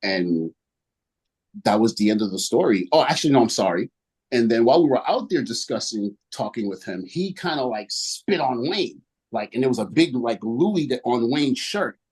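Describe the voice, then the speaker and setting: A man's voice: mid-range voice, animated, brisk, a little mellow, breathy edge. A young man testifying at a hearing over a video call, rambling through his story and acting out what others said. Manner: rambling storyteller, acts out quotes in other voices. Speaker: witness at a licensing hearing.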